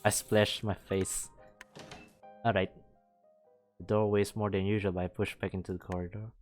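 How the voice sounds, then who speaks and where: A low-voiced man from Malaysia reads a visual novel's narration aloud in a steady, even way. Faint game music runs quietly under his voice. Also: moderate pace. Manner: reads narration steadily, breaking off to laugh and comment. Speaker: VTuber streamer.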